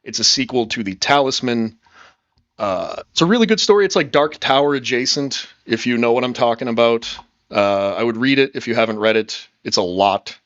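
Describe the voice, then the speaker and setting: A man's voice: medium pitch, moderate pace, fairly bright tone, no echo, highs cut off. A man hosting a casual livestream, upbeat and rambling, reading chat comments and swearing freely. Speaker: livestream host.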